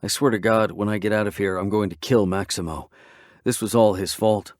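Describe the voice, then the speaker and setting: Low, dry-voiced male audiobook narrator. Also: fairly even intonation, a little fast, a little mellow, no echo. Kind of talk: first-person romance audiobook narration.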